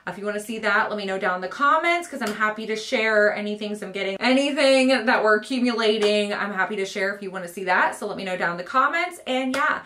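A woman's voice: medium pitch, lively intonation, fast talker, few pauses, sharp tone, a little hiss or hum. A young woman, talking to camera in a casual home vlog, bubbly and gushing with frequent laughs. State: pregnant. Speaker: vlogger showing a baby haul.

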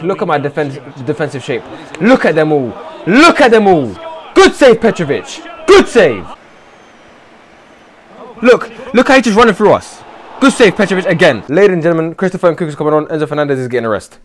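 A young man giving loud, swearing live commentary over a football video game, swinging from shouts to low mutters. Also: big pitch swings, fast talker. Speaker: gaming streamer.

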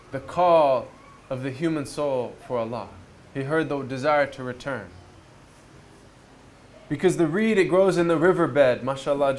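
A man giving a reflective spiritual talk at a retreat, storytelling conversationally and asking his listeners rhetorical questions. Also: fairly high pitch. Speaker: speaker at a retreat. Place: outdoors near a river.

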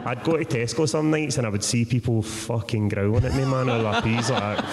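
A Scottish man who is a guest author, telling animated, sweary stories and asking "right?" a lot in a live podcast conversation on a theatre stage. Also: medium pitch, fairly quick, few pauses, background noise. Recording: reverberant theatre hall.

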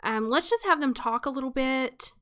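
A woman's voice: high-pitched, lively intonation, moderate pace, fairly bright tone. A woman hosting a life-sim let's play who chats and narrates the story in an amused way. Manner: chatty, amused. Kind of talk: casual game commentary with storytelling.

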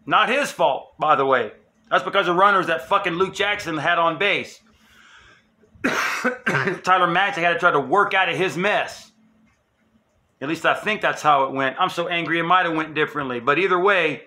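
A man's voice: a little high, a little slow, pushed and bright. A man hosting his own sports channel, delivering a heated, emphatic, profane fan rant.

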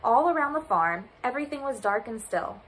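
A woman volunteer reading a children's picture book aloud in an expressive, storytelling manner. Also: on the high side, brisk, slight background noise, low-quality recording. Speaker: volunteer reader.

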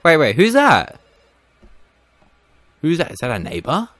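A man's voice: fairly high pitch, wildly swooping pitch, measured pace, a bit bright. A man giving casual let's-play commentary, thinking aloud and swearing now and then. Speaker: gaming video host.

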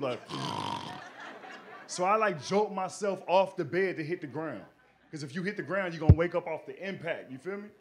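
Live on a club stage, a man with a high, fairly bright voice performs stand-up, telling a loose, slangy story and acting out the quotes. The room is noisy and the audience can be heard laughing.

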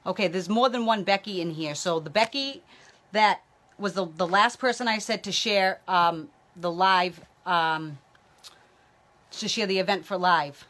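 With a baby pulling at her hair, this psychic medium does readings on a livestream. Her lowish, fairly bright voice keeps a measured pace as she chats casually and names viewers.

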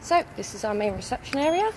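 This British student halls manager sounds high-pitched and very animated, talking at a quick pace during a live walking tour streamed from a handheld phone. Her manner is friendly and chatty, sprinkled with "so" and "um." The background is noisy as she goes from a city street outside a building into its reception.

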